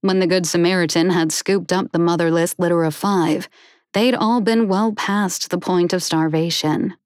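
A woman narrating a children's animal story in a steady, even reading voice. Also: fairly low pitch, normal speed, smooth, no echo, clean studio sound.

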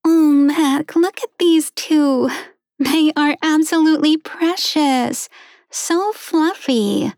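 A woman's voice: takes it slowly, dry recording, clean studio sound. A woman voicing a gushing young woman cooing over kittens in a storybook. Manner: gushing, high and loud.

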